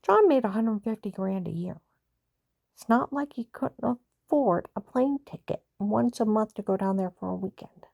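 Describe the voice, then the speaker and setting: Gravelly older woman telling a family story. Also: medium pitch, animated, moderate pace, a little mellow, dry recording, clean studio sound. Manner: plain-spoken, repetitive, with sighs. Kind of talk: personal storytelling.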